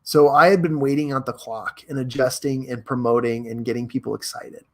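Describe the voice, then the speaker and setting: Energetic man giving a motivational talk. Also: medium pitch, a little fast. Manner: energetic, chatty, reads viewer comments aloud, laughs easily. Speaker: host. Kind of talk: live-stream motivational talk.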